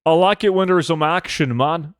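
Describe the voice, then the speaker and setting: A man's voice: fairly high pitch, moderate pace, clean tone, dry recording. Laid-back joking male streamer, dry sound. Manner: swears a lot, joking and laid-back, reacts to chat. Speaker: live streamer. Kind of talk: casual live-stream chat. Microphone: desk microphone.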